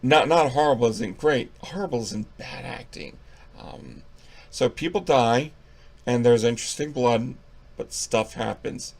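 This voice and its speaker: A man's voice: medium pitch, animated, unhurried, creaky. A young man giving a casual movie review, profane, rambling and mocking.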